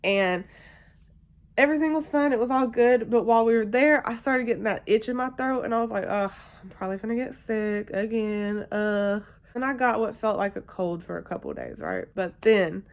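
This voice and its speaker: A young woman vlogging, telling a personal story in a chatty, emotional way with lots of fillers. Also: on the low side. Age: young adult. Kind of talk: casual storytelling to camera.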